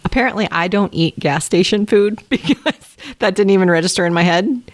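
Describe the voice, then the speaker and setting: A woman's voice: medium pitch, fairly quick. A woman co-hosting a podcast in casual, easygoing chat who laughs along with her co-host.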